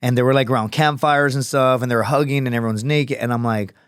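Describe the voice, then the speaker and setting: A man who is a podcast guest, telling stories in a casual, profane and animated way, acting out other people's voices as he goes. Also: medium pitch, fast talker, clear, resonant tone, no room sound, studio quality. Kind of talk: casual storytelling. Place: podcast studio.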